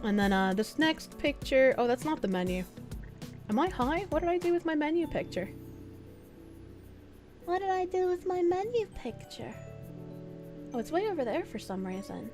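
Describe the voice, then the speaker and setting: A woman's voice: lively intonation, moderate pace, pauses often, darkish tone. A woman streamer chatting casually to her viewers, rambling, swearing freely and reading chat aloud. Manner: squeals high when laughing. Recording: faint music behind.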